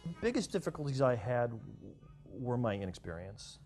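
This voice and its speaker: A man's voice: medium pitch, big pitch swings, a little fast, a little mellow, soft background music. A man, a film director, thinking back in a documentary interview, with many restarts. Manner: thoughtful, with frequent restarts.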